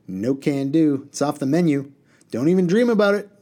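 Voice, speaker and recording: A man voicing a brash, fast-talking male water genie in a storybook read-aloud, boastful and teasing. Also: fairly high pitch, expressive, dark tone, lightly acted. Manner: boastful and teasing, rattles off slang phrases.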